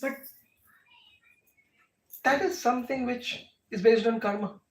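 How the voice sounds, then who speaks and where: High-voiced Indian man teaching a devotional class. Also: a little slow. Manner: emphatic, rhetorical questions, laughs often. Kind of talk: devotional class answering questions. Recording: echoey room, mic far off.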